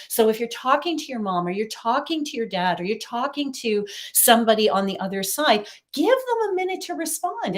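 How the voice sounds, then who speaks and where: On a casual phone livestream, a woman with a slightly high voice gives psychic readings, chatty and upbeat as she talks directly to her viewers.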